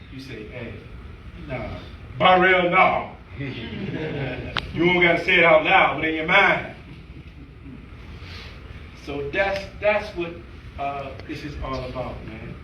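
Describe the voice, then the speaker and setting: A man's voice: a little high, sharp tone. A man working as a youth mentor, giving a conversational, plain-spoken motivational talk to a group. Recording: echoey room, mic far off, faint noise.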